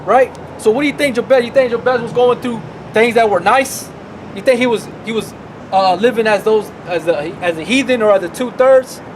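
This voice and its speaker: A man's voice: extremely high pitch, a little fast, a little hiss or hum, rough recording. A man preaching a sermon outdoors as a street preacher, talking emphatically and repeating himself, often tacking on "man" and "right".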